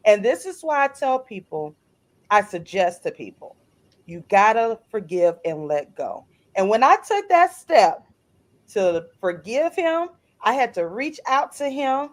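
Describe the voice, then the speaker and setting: A middle-aged woman, an author guest co-hosting a podcast, telling a personal story in an earnest, animated way and acting out other people's lines. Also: a little high, a little slow. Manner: earnest, animated, retells scenes in voices.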